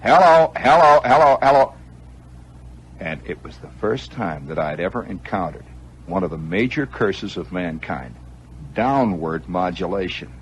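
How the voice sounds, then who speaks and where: A man hosting a radio show, telling a long story in an animated way with chuckling asides and acted-out moments. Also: low-pitched, moderate pace, a little hiss or hum, low-quality recording. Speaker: radio host. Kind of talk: improvised storytelling monologue.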